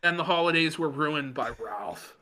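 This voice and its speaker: A man's voice: fairly high pitch, lively intonation, moderate pace, bright, forceful tone. A man co-hosting a podcast, casually reading posts aloud and mocking them with frequent swearing. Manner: sarcastic, mocking, swears often. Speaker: podcast co-host.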